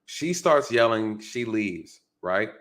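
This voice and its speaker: A man's voice: lowish voice, animated, slow, a bit bright. A man commenting on a news clip for his viewers, talking casually and emphatically, often asking rhetorical questions and checking in with "right?".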